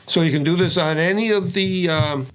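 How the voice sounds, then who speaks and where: A man's voice: fairly high pitch, normal speed, background noise. Older man teaching drums, scatting patterns. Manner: relaxed, scats drum patterns aloud. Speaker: drum teacher. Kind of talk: demonstrating drumming.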